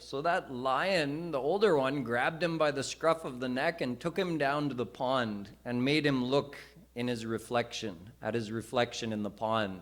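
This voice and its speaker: A male senior preacher delivers a live sermon in a slow, deliberate way. His voice sits at a middle pitch and he explains each point with care. He moves between teaching and storytelling at an unhurried pace. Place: temple hall.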